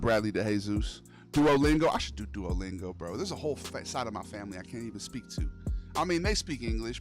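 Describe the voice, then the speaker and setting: Young dude streaming games, talks loose n slangy to chat, normal pitch, bit of music under it. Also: male voice. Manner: loose, slangy, calls the audience "bro". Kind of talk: casual gaming livestream chat.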